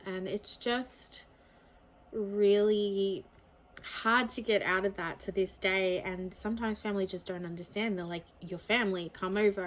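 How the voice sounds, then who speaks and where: A woman's voice: lowish voice, a little hiss or hum, low-quality recording. A young adult woman speaking candidly and openly to camera in a personal confessional vlog. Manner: candid, open, speaks from feeling. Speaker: vlogger.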